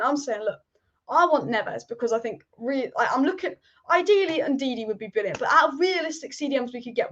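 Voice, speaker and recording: High-voiced opinionated woman hosting a football stream. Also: muffled recording. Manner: opinionated, fast rambling, repeats points for emphasis. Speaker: football channel host. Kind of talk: live-stream football chat reading viewer comments.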